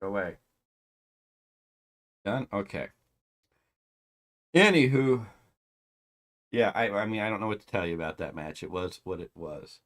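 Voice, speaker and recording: A man reviewing a wrestling show in casual commentary, ranting with exasperation and sarcastic asides, loud one moment and muttering the next. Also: on the low side, lively intonation, measured pace, long pauses.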